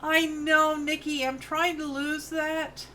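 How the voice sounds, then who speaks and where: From a home studio on a farm, a fifties-aged woman with a New York accent works on crafts during a livestream, chatting and rambling with viewers in friendly asides. Her high voice is level and sharp and she talks slowly, with a little hiss or hum in the background.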